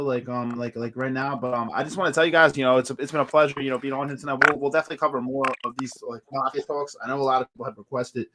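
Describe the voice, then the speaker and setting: Podcast host, man, rapid casual rambling, faint hiss. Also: mid-range voice. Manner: rambling, repeats himself, quotes movie lines. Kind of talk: casual live podcast chat.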